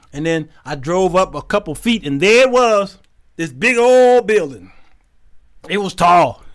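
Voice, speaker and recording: A man hosting his show, telling a comic story, animated and laughing often as he acts out the people in it. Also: on the high side. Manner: animated, laughing often, acting out quoted voices. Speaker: show host.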